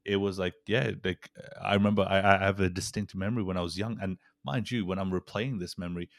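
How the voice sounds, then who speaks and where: Very deep-voiced man hosting a podcast. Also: fairly even intonation, fast, creaky, dry recording, studio quality. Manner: rambling storytelling with frequent restarts and "like". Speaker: podcast host. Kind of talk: casual conversational interview.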